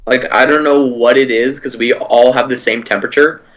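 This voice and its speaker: This is a young man co-hosting a comedy podcast in casual chat, spinning rambling stories packed with swearing and filler words. His mid-range voice is a bit bright, with fairly even intonation and a moderate pace.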